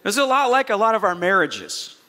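A male pastor with a slightly high, bright voice delivers a sermon fairly quickly. He tells the story with animated energy and adds jokey asides along the way.

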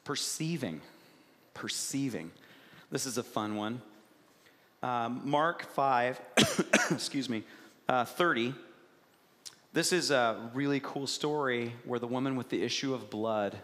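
A male preacher delivers a sermon at an ordinary, middle-range pitch, asking his listeners questions and leaning into lively storytelling. His voice carries a long reverb tail from a large hall. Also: slow pace, pauses often. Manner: asks the congregation questions, animated storytelling.

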